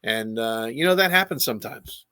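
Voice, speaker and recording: A plain-spoken man telling wrestling stories in a podcast interview, swearing freely and speaking his mind. His voice is bright and forceful, recorded close and dry. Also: mid-range voice, lively intonation, moderate pace, clean tone, dry recording. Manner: blunt, profane, candid. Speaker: guest, pro wrestler and trainer. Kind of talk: casual interview storytelling.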